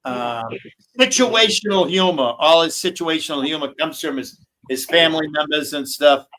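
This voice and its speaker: A man's voice: fairly high pitch, normal speed, bright, forceful tone, slight background noise, poor audio. A man hosting a livestream, chatting casually in a rambling, profane way. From New England. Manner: rambling, profane, swears freely. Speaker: livestream host. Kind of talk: casual chat.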